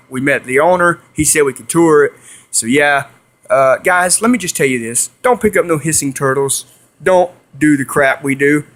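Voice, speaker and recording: Fairly high-pitched and a bit bright, a young vlogger addresses his viewers on camera. His casual story rambles and repeats, with hissing noises imitating animals.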